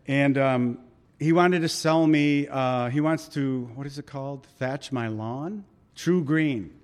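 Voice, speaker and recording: Conversational preacher man, fairly high voice. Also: measured pace. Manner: conversational, animated storytelling; acts out voices in anecdotes. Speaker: pastor. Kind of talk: sermon.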